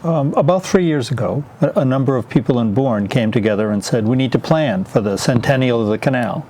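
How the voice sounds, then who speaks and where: A man speaking in a measured, plainspoken way as an interview guest. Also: mid-range voice, animated, mellow, a little hiss or hum. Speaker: maritime academy president, guest.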